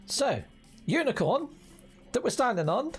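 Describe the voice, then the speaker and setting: A man's voice: very high-pitched, big pitch swings, unhurried, soft background music. A man hosting a live game stream in casual chat, playful and laughing often. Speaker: streamer host.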